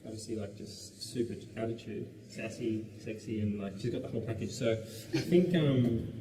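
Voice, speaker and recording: An Australian musician guest in a casual radio interview, relaxed and rambling with lots of fillers. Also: male voice, on the low side, normal speed. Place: radio studio. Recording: roomy, distant mic, background noise.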